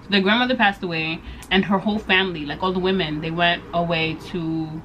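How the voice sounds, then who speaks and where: Young woman vlogging from her bed, animated storyteller, jumps way up in pitch acting out quotes, faint background noise. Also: a little fast, highs cut off. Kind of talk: casual storytelling chat. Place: bedroom.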